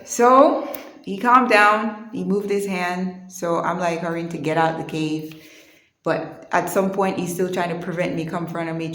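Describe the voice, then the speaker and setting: A woman telling a personal story in an earnest, conversational way, pausing and restarting as she goes. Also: fairly low pitch, reverberant. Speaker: vlogger.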